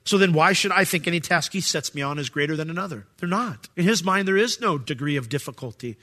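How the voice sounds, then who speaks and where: Man, pastor, preaching, animated delivery, bright forceful tone, slightly high voice. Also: quick pace. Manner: animated, acts out voices of scripture figures. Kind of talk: sermon.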